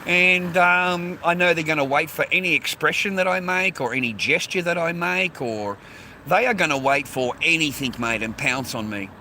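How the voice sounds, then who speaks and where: Australian man, street streamer, crude and rambling, ends lines on mate and bro; slightly high, sharp bright voice, handheld phone outdoors. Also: moderate pace, slight background noise. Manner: swears constantly, tags lines with mate and bro. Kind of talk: casual rambling walk-and-talk stream. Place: outdoors on a suburban street near the beach.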